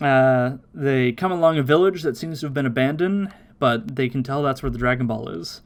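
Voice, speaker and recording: A man hosting a podcast, casually recapping an episode with lots of laughter and quick silly voices. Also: mid-range voice. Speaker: podcast host.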